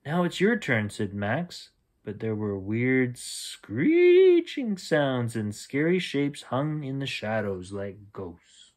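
A man reading a children's bedtime story aloud, slow and expressive, playing the sound effects. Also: mid-range voice.

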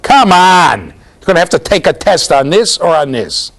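Lively, jokey man lecturing a class. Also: fairly high pitch, moderate pace, vocal fry. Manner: animated, jokey, talks to students directly. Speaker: university lecturer.

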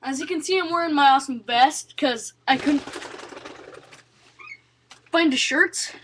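A woman's voice: high-pitched, measured pace. A young woman casually vlogging at home, chatting to the camera and cooing at her pets. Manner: chatty, talks baby talk to pets. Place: at home indoors.

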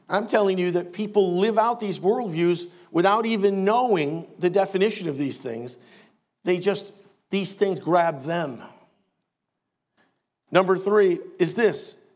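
Older male pastor, high-pitched voice, emphatic sermon delivery with dry humor. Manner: emphatic preaching with wry asides.

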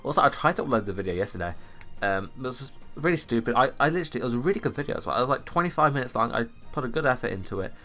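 Talking at a racing pace, a teenage gaming YouTuber tells rambling, chatty stories as he comments on an online game from his home room. His medium-pitched voice is animated and sharp, picked up by a USB desktop mic over faint music.

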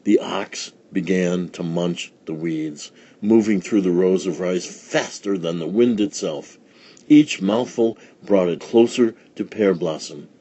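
A man reading a children's picture book aloud in a slow, deliberate storytelling manner. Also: deep voice, dark tone, breathy edge. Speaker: storybook reader.

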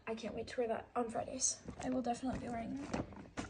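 A woman's voice: on the high side, little pitch movement, fast, noisy background. A woman unboxing a package in casual chat, gasping and gushing with delight at each item. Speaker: brand ambassador unboxing a package.

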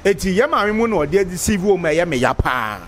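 A man's voice: high-pitched, big pitch swings, a little fast, a little hiss or hum. A man in a street interview, talking conversationally with frequent restarts.

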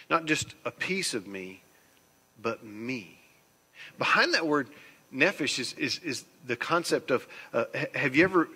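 A man preaching a sermon as pastor, swinging between hushed, slow phrases and loud, emphatic ones. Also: medium pitch. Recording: long church hall reverb.

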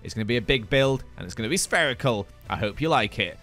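A man's voice: mid-range voice, animated, quick pace, fairly bright tone, soft background music. A young man hosting a gaming video, talking through his build in a goofy, self-mocking commentary style. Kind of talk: playful gameplay commentary.

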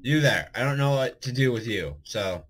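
A man's voice: medium pitch, animated, moderate pace, slight background noise, rough recording. A young man doing let's play commentary, panicky and swearing a lot, with frequent nervous laughter. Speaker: gaming commentator.

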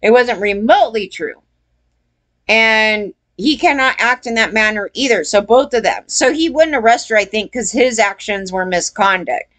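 A woman's voice: a little high, moderate pace, fairly bright tone. Profane, rambling woman telling a story. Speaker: vlogger. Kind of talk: casual storytelling rant.

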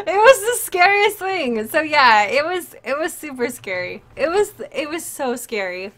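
A woman's voice: high voice, very animated, a little slow, few pauses, a bit bright. A young woman livestreamer telling a story in casual chat, full of fillers and breaking off to answer her viewers.

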